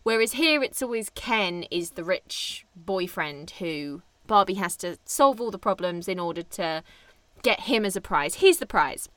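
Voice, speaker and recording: A woman's voice: fairly low pitch, expressive, unhurried, a bit bright, no room sound. A young adult woman co-hosting a podcast, talking casually and animatedly about a film, laughing often. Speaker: podcast co-host.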